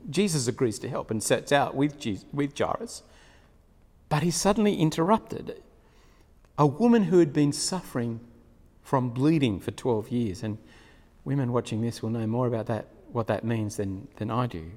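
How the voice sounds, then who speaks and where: A man preaching a sermon, retelling a story in an animated way with frequent chuckles. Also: mid-range voice, moderate pace. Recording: long hall reverb.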